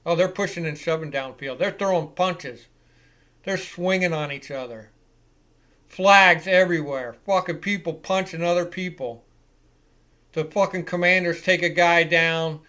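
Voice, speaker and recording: Excitable, foul-mouthed man reacting live. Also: a little high, unhurried. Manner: excitable and profane, swears freely. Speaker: live reaction show host. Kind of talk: live play-by-play reaction commentary.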